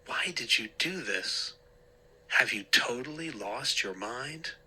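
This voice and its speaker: A man's voice: medium pitch, lively intonation, slow, pushed and bright, slightly rough, full character voice, low-quality recording. A man voicing a stern, exasperated mother who scolds her son firmly. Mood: scolding. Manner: scolding, firm.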